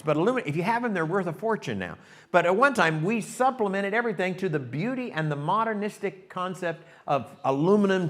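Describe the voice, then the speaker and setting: Pastor, man, mid-pitched, lively sermon storyteller who addresses his flock directly. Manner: animated storytelling, shifts to hushed reflection; talks directly to the congregation.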